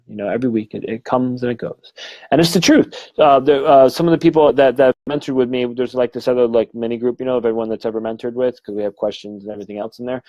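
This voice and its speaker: A man's voice: medium pitch, fast, darkish tone, no room sound, dull audio. A man, middle-aged, a medium giving a frank, rambling live-stream talk full of fillers and swearing. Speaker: medium and mentor.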